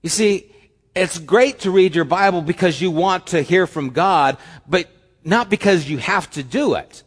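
A male pastor preaching with animated delivery, swinging from loud, emphatic lines to soft, hushed ones. His voice is fairly high for a man. It rings out with a long reverb, as if he is in a church hall. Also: unhurried, breathy edge. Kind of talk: sermon.

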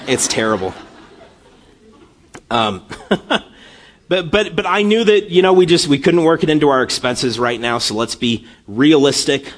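A man's voice: on the high side, lively intonation, unhurried, long pauses. A man in his thirties preaching a sermon, telling self-deprecating stories with frequent laughs and building to impassioned intensity. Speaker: pastor.

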